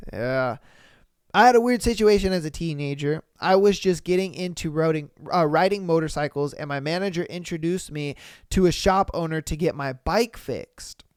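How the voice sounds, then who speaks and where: Brief: male podcast host, animated and slangy, smooth, slightly high voice, dry close-mic sound. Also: no room sound. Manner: animated, slangy, exclaims often. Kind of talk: casual reading and reacting to listener stories.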